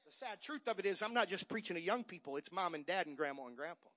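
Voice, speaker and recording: A middle-aged man preaching a sermon as pastor, moving from quiet talk to shouted, fiery preaching. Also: sits high, animated, quick pace. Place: church sanctuary.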